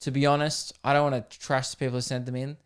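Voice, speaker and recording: A man's voice: medium pitch, little pitch movement, fast talker, clean tone. A young Australian man hosting a podcast in casual solo chat, rambling and jokey, swearing here and there. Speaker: podcast host.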